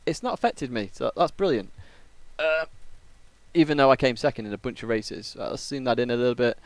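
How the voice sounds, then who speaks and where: A man's voice: mid-range voice, brisk, dry recording. A man from England, a casual and jokey game streamer, chatting on a live stream and rambling with many fillers.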